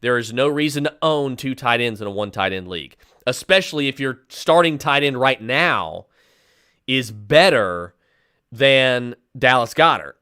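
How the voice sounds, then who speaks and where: A man's voice: mid-range voice, animated, a little slow, sharp tone, clean tone, no room sound, studio quality. A man hosting a podcast and firing off fantasy football advice, with emphatic, decisive picks broken up by fillers and restarts. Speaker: podcast host answering listener questions.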